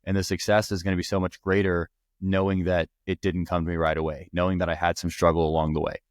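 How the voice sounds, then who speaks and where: A man's voice: low voice, level tone, fast talker, smooth, no echo, studio quality. A young man hosting a podcast, earnestly telling personal stories in a rambling way with restarts. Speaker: podcast host. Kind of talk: personal storytelling.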